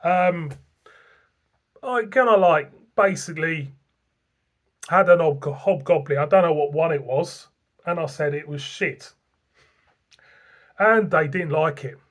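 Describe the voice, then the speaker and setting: A man's voice: on the high side, unhurried, pauses often. A man with a Northern English accent reviewing beer in a blunt, rambling, sweary way. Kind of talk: casual beer review vlog.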